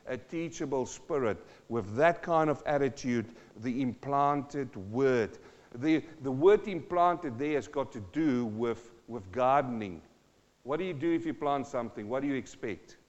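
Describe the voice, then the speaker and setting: A man preaching a sermon in a church, animated, asking rhetorical questions and swinging between loud and hushed. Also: a little high, long reverb tail, muffled recording. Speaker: pastor.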